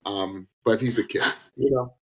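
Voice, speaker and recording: A man's voice: mid-range voice, moderate pace, darkish tone, poor audio. A man co-hosting a podcast, chatting casually in a put-on New York accent and drawing out his points. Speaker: podcast co-host. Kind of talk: casual reaction chat.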